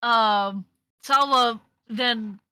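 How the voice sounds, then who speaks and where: A woman narrating as game master of a tabletop game, animated and often laughing. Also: on the high side, extremely slow, clear, resonant tone, dry recording. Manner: animated, laughing often, with frequent fillers and restarts.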